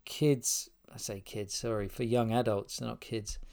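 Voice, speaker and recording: A middle-aged man from Spain and England talks to his podcast audience from his spare room, heartfelt and off the cuff, with many restarts as he rambles. His mid-range voice is steady and a little mellow, with vocal fry, at a measured pace.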